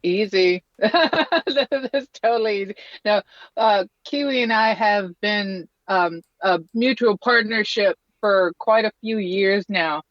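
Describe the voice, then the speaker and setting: A woman guest talking quickly and giggling from a van. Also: medium pitch, no room sound, muffled recording. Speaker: guest, news show co-host. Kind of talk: casual interview talk.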